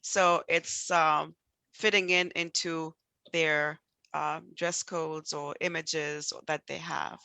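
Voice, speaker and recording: A woman's voice: low voice, flat delivery, slow, creaky, pushed and bright, clean tone, no room sound. A woman panelist in a discussion, speaking hesitantly with frequent restarts.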